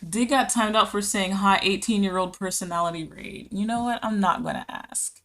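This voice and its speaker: Bright-voiced woman streamer chatting. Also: mid-range voice, fairly even intonation, normal speed. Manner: chatty, giggly, reads chat aloud. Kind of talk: casual live-stream chat.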